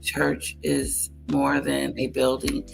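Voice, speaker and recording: A woman's voice: extremely low pitch, flat delivery, slow, creaky, faint music behind. A woman hosting a casual livestream, chatting to viewers and repeating greetings to them. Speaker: livestream host. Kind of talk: casual live-stream chat.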